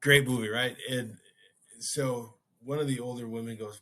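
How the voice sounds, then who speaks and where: A man's voice: mid-range voice, fairly even intonation, moderate pace, sharp tone. A man hosting a podcast, casually telling a story and acting out his own reactions. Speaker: podcast host.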